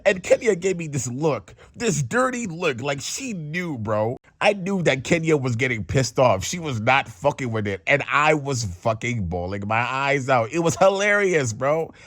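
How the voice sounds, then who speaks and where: Young man, storytime vlogger, lively animated pitch, slangy, dry close sound. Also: normal speed, hardly any pauses, no room sound. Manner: animated, slangy, repeats bro. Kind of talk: casual storytime.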